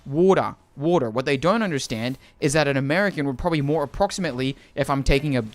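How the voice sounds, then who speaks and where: A man's voice: mid-range voice, very fast. A young man from the Philippines with an Australian accent tinged by Filipino speech, chatting casually on a livestream and rambling through chat questions. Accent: Australian with a Filipino lilt.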